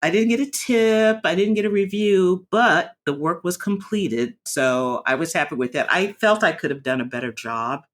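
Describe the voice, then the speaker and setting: A woman's voice: fairly low pitch, expressive. Earnest woman telling her own story. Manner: reflective and earnest, halting with frequent restarts. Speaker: vlogger sharing a personal story. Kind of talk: candid personal vlog.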